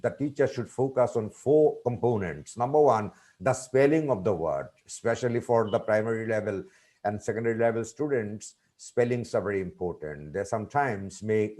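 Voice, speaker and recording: Low-voiced guy giving a slow webinar talk on teaching, spells words out one letter at a time. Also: darkish tone. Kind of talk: lecture presentation.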